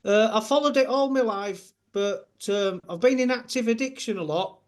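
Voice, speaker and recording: A man's voice: high voice, moderate pace. A man in his fifties with a West Yorkshire accent, a guest chatting earnestly on a video call, rambling with many restarts. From Bradford, West Yorkshire. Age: 50s. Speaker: guest fan. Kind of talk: casual chat.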